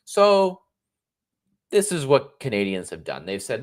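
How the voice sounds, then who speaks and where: A man's voice: fairly low pitch, sing-song, normal speed. A man in his thirties from the United States, giving sarcastic political commentary on a solo livestream, often restarting his sentences. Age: 30s.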